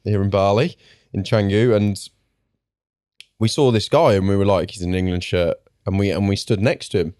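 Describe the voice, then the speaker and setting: A man's voice: lowish voice, normal speed, long pauses, dry recording, studio quality. A man hosting a podcast, telling stories in casual chat and acting out what people said. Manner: animated storyteller, acts out quotes. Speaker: podcast host.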